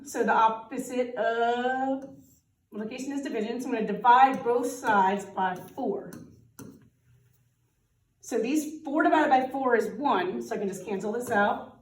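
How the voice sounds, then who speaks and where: A woman teaching a casual math lesson, chatty and thinking aloud, laughing at her own slips. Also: a little high. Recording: roomy sound from a distant mic.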